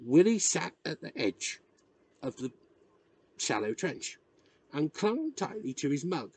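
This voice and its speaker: Expressive man reading a novel. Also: fairly high pitch, breathy edge. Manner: expressive, measured storytelling. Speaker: reader. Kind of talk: audiobook narration.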